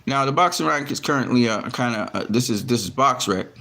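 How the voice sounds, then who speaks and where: A man's voice: mid-range voice, lively intonation, a little fast, bright, forceful tone. Fed-up man ranting to his camera. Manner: frustrated, heavy swearing, many restarts. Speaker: boxing commentary vlogger. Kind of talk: casual talk to camera.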